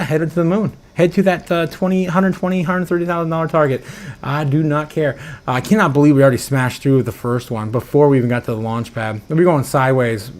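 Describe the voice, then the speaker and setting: A man hosting a casual livestream, chatting and reading out viewer comments with frequent chuckles and restarts. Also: a little high. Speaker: livestream host.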